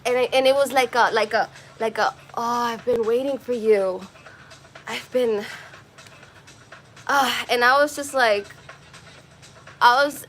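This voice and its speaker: High-voiced lady rambling through a story, emotional, swears a lot, faint music under it. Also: sharp tone. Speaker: podcast host. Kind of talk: personal storytelling.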